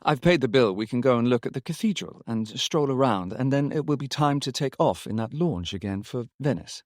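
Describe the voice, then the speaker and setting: A man's voice: medium pitch, animated, a little fast, no room sound, studio quality, close to an everyday voice. A man doing a worried, coaxing husband. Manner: gentle and coaxing. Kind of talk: audiobook character reading.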